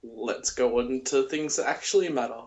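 A playful Australian man chats as a podcast co-host, teasing his partner in a relaxed, casual way. His Australian accent runs all through his talk. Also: medium pitch, moderate pace, husky.

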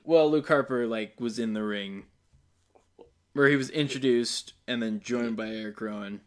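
A man's voice: medium pitch, moderate pace, smooth. A man co-hosting a casual podcast, dry and teasing. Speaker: podcast co-host. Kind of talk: casual chat.

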